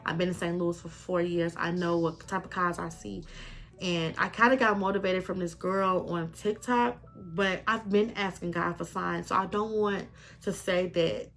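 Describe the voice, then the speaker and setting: A woman's voice: lowish voice, fairly even intonation, moderate pace, vocal fry, fairly bright tone. A young woman vlogger sharing a heartfelt personal testimony, tearful with a crackling voice, often calling her viewers y'all. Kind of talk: emotional personal testimony vlog.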